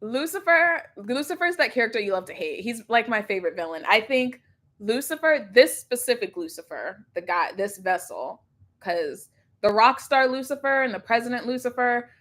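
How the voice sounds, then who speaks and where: A woman's voice: a little high, lively intonation, normal speed, fairly bright tone. A young woman, streaming a casual chat on her laptop. She rambles, laughs often and swears casually. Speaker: livestream reaction host.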